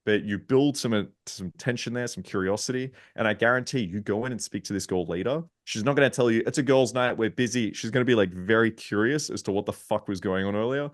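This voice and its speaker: Low-voiced, swearing dating coach. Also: male voice, no room sound, clean studio sound. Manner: profane, animated, acts out quotes. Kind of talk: casual panel discussion.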